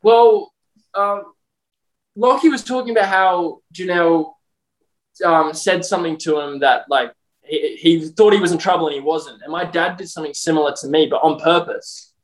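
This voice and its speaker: A man's voice: a little high, normal speed. A young Australian man co-hosting a podcast, telling a story in casual chat with lots of fillers and laughs. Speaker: podcast co-host. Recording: roomy echo.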